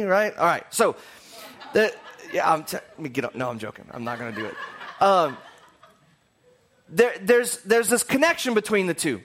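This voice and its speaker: A man's voice: high voice, very animated, normal speed, a bit bright. A man teaching a casual sermon, conversational and rambling with jokey asides.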